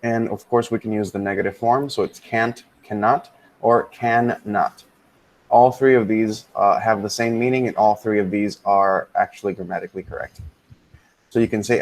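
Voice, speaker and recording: Relaxed man teaching English grammar, fairly low. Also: normal speed, slight background noise, low-quality recording. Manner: relaxed, thinks aloud with many ums and mutters asides. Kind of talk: casual grammar lesson, switching into Spanish.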